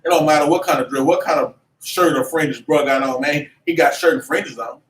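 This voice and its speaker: A man teaching a religious class in an animated, preachy way, with lots of slang and repeated "man". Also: a little high, a little fast. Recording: echoey room, mic at a distance, faint noise.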